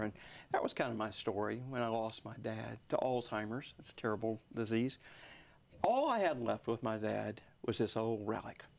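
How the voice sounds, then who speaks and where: A man in his sixties, a guest author telling a personal story in a television interview, earnest and at times dropping to hushed tones. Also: mid-range voice, vocal fry.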